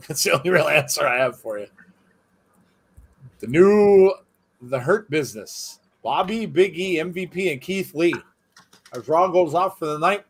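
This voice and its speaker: Guy hosting a live watch-along, kinda high voice, joking around, reading chat out loud. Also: husky. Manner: chatty, jokey, reads viewer comments aloud. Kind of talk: casual live commentary.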